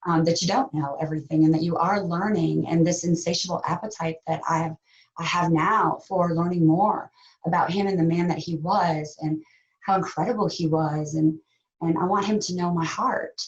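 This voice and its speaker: A woman guest in an interview, speaking heartfelt and reflective, with pauses and fillers. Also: on the low side, fairly even intonation, highs cut off. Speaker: actress guest. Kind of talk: interview conversation.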